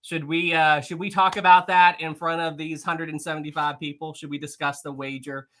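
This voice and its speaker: An excitable host of a live stream, chatting casually with viewers and reading out their messages. The voice is bright and sharp, and the talk rambles into asides and quick laughs. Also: medium pitch.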